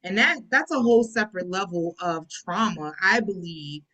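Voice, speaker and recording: A woman with a lower-pitched voice hosts a casual podcast talk. She moves the group to the next topic and explains her points in a reflective, steady way. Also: moderate pace. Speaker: podcast host.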